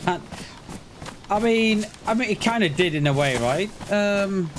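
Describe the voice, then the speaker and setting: A man chats loosely through a live gaming stream, swearing freely as he rambles. His voice sits a little high. A clear background noise runs under his talk. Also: animated, unhurried. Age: adult parent of a schoolchild. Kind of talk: casual live-stream chat while gaming.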